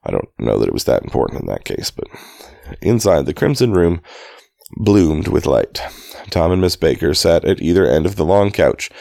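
The novel's reader is a man with a gravelly, slightly mellow bass voice, heard with no room sound. He reads in a dry, offhand way, correcting slips as he goes and pausing for conversational comments on his own reading.

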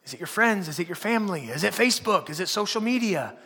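A man preaching a sermon as pastor, firing off repeated rhetorical questions that build to loud, emphatic peaks. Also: high-pitched, lively intonation, quick pace, husky, in a large hall.

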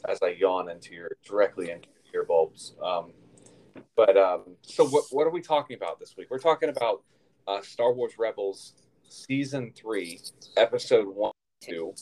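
A man's voice: fairly low pitch, moderate pace, darkish tone, rough recording. A man co-hosting a casual podcast, talking in a rambling, chatty way with many fillers and restarts. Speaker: podcast co-host.

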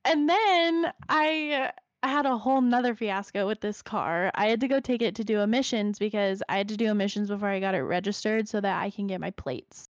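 A young woman in casual chat, telling an animated story full of "like" fillers. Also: medium pitch, brisk, few pauses, no echo. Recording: slightly dull lo-fi dry sound.

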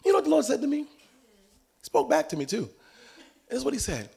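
A man preaching a sermon in a church, animated and humorous, often acting out voices. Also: very high-pitched, fast, creaky, breathy edge. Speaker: pastor. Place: church sanctuary.

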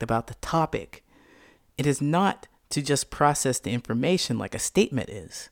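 A man's voice: medium pitch, dry recording, clean studio sound. A man giving a talk, weaving in a personal story and acting out a heated argument. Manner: animated, acts out heated arguments.

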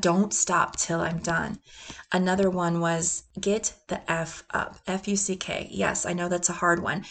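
A woman hosting a motivational podcast, talking with energy and laughing often, sometimes dropping into gruff chanted quotes. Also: on the low side, a little hiss or hum. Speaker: podcast host.

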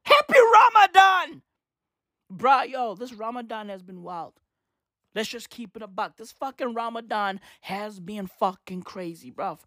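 Woman ranting, lively swooping pitch. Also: measured pace, no room sound, studio quality. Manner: provocative, swinging between loud outbursts and muttered asides. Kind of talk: comic profane rant.

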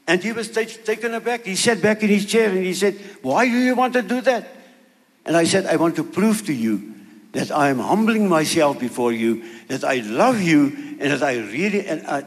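An older man with a South African accent giving an earnest, halting personal testimony as a sermon, often repeating words. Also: fairly high pitch. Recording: long reverb of a hall.

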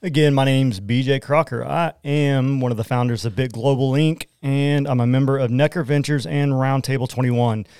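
Gravelly-voiced Oklahoman entrepreneur, man. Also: mid-range voice, normal speed, hardly any pauses, dry recording, clean studio sound. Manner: casual, energetic, says "man" and "you know". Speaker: guest, entrepreneur. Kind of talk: casual radio interview. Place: small studio.

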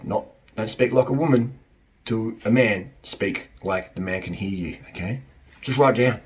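A man's voice: on the low side, a bit bright. A middle-aged man giving blunt dating advice in a casual monologue, joking and repeating his points.

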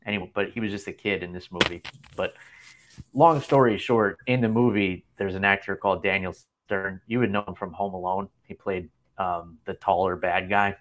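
A man's voice: deep voice, steady tone, moderate pace, a bit bright, a little hiss or hum. A man in his thirties hosting a casual chat show from a hotel room, rambling and laughing often. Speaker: podcast host.

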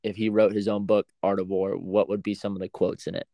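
A man's voice: low-pitched, a little fast, vocal fry, slight background noise. A young man co-hosting a podcast, joking and chatting casually, often saying dude. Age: young adult. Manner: animated, joking, says dude a lot. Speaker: podcast co-host. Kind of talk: casual chat.

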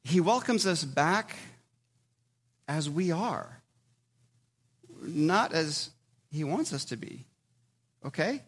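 A man preaching a sermon in a conversational way, with sudden loud emphatic bursts between quieter stretches. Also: on the high side. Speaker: pastor.

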